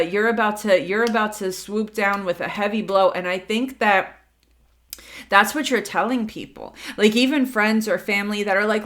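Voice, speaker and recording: Chatty woman giving a tarot reading. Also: mid-range voice. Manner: chatty and animated, many fillers, acts out quotes. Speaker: tarot reader. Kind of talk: casual spoken tarot reading.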